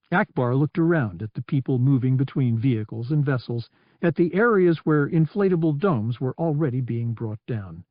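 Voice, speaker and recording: A man narrating an audiobook with an even, descriptive delivery at a mid pitch. The sound is dry and a little dull, with no room around it. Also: normal speed, dry recording.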